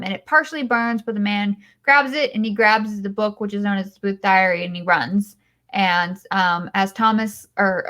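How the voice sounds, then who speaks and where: A woman's voice: mid-range voice, fairly bright tone. Rambling sarcastic woman podcast host. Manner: rambling, sarcastic, many filler ums. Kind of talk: casual movie recap.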